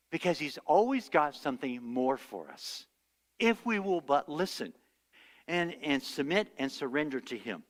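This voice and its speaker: A man's voice: fairly high pitch, sing-song, moderate pace, a bit bright, long reverb tail. A male pastor preaching a sermon, telling stories and acting out the voices he quotes. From United States. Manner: storytelling, acts out quoted voices. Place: church sanctuary.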